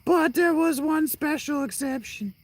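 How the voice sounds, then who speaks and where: A man squealing as a shrill excitable game character. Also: a little slow, dry recording. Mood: excited. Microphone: clip-on mic.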